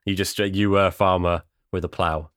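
A man's voice: deep voice, steady tone, normal speed, fairly bright tone, clear, resonant tone, dry recording, clean studio sound. A man co-hosting a casual chat, teasing his friend and laughing easily. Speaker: podcast co-host.

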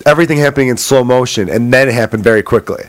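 A man's voice: medium pitch, racing, a loud crowd. A man in his thirties hosting a podcast, talking things over in a reflective, swearing, conversational way. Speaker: podcast host. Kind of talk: casual podcast chat.

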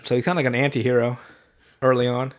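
Animated, profane man recapping a cartoon. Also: medium pitch. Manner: profane, animated retelling with quick voiced asides. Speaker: podcast host. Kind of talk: casual chat, recapping an anime.

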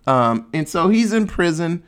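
A man's voice: on the high side, sing-song, measured pace, clear, resonant tone. A man casually recapping a movie plot in a rambling, sarcastic way, swearing freely.

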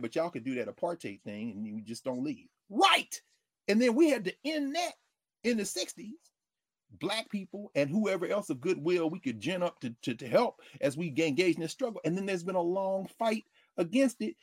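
Animated, husky-voiced male commentator. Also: sits high, dry recording, clean studio sound. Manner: animated, conversational, quoting others in character. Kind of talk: political commentary monologue.

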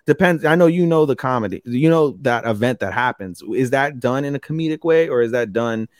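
A man co-hosting a podcast in casual chat, excitable, swearing freely and filling with ums. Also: medium pitch, brisk, dry recording, studio quality. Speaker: podcast co-host.

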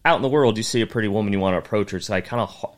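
A man's voice: on the low side, very fast. A man, a comedian guest on a podcast, chatting casually and acting out the voices of people in his stories. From Northeastern US. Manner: animated storyteller who acts out quoted voices.

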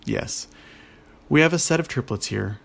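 A man voicing a calm young princess. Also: mid-range voice, normal speed, gravelly, full character voice. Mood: polite.

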